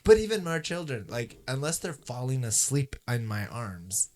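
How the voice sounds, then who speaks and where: Male podcast co-host, mid-pitch, reads news items aloud, fumbles long words, jokey. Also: very animated, moderate pace. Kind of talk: casual chat, reading news stories aloud.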